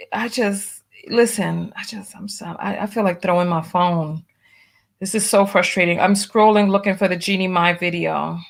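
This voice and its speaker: A woman's voice: on the low side, vocal fry. A woman hosting her own livestream show, talking casually and venting her frustration, with many restarts.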